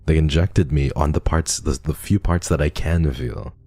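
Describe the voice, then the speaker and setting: With a very deep, dark voice at a moderate pace and no room sound, a man chats on a casual livestream. His story rambles, with plenty of false starts.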